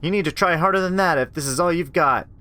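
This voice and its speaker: A man voicing a defiant, sharp-tongued young woman in a game, speaking in a raised sarcastic tone. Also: on the high side, lively intonation, slow, voice pushed up.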